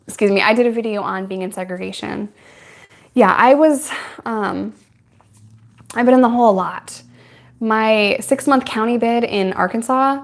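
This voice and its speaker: A young woman talking straight to camera, answering questions from her viewers. She is candid and chatty, laughs often, and speaks in an ordinary mid-range voice. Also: medium pitch. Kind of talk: casual Q&A chat.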